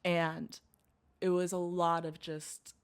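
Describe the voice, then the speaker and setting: A woman's voice: lowish voice, little pitch movement, takes it slowly, smooth. A young woman guest on a podcast, telling a long story in casual chat, acting out quotes, laughing often and swearing.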